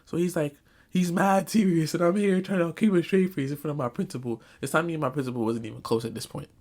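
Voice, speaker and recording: A young man from New York telling comic stories from his school days in an animated, slangy way, often breaking into laughter. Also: a little high, fast talker. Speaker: vlogger. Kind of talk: comedic storytelling.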